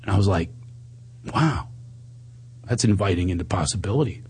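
Husky guy, candid personal story, gets animated then goes real soft. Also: low-pitched, moderate pace.

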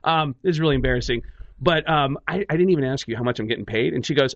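A male comedian and voice actor, guest on a talk show, telling stories with lively energy and slipping into voices. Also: medium pitch, quick pace, dull audio, a little hiss or hum. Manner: lively, acts out every quote in voices. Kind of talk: animated storytelling on a talk radio show.

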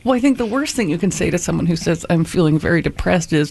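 A woman's voice: lowish voice, expressive, fast talker, gravelly, darkish tone, a little hiss or hum. A woman co-hosting a morning radio show, reacting bluntly to callers. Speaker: radio co-host.

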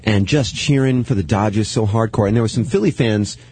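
A man's voice: on the low side, a little fast, a little mellow, husky. A man hosting a casual radio chat, telling loose, profane stories. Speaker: podcast host.

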